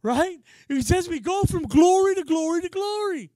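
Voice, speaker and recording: Man, preacher, very high voice, dry close sound, casual passionate sermon. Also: lively intonation, normal speed, no echo. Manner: passionate, swings from quiet to shouting; casual, says "man" often.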